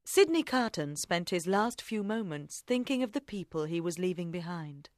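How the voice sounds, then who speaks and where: A woman narrating an audiobook in a measured, even way. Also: lowish voice, no room sound, studio quality. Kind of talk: audiobook reading.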